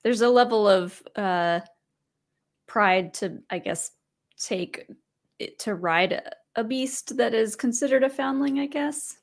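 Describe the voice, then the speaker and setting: A woman's voice: on the high side, slow. A woman co-hosting a live stream, chatting casually and thinking aloud with light laughs. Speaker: podcast co-host.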